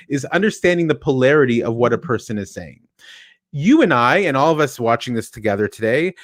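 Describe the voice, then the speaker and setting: A man giving a technical talk in an animated, explaining manner, his pitch rising and falling freely as he steps through one example after another. He poses questions to the listeners and answers them himself. His voice sounds close and dry, with no room around it. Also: no echo. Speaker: speaker at a tech meetup.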